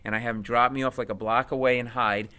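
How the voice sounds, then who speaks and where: An animated man tells a comic story with lively energy, in a bright, forceful voice of middle pitch. He is a comedian speaking as an interview guest. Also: quick pace, clean tone.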